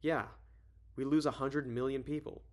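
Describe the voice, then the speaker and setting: A man's voice: medium pitch, steady tone, moderate pace, close to an everyday voice. A man reading the lines of an alarmed woman inventor, the story's first-person heroine, in startled, clipped replies.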